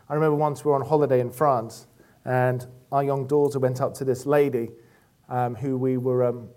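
A man giving a relaxed, conversational church talk, full of anecdotes and fillers. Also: fairly high pitch. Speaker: church speaker.

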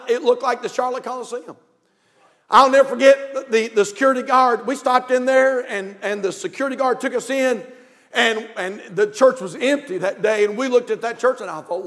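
High-voiced Southern pastor preaching in a hall. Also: male voice. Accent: North Carolina Southern US. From North Carolina, USA. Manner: fervent preaching with repetition, swinging from quiet asides to shouts. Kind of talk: sermon.

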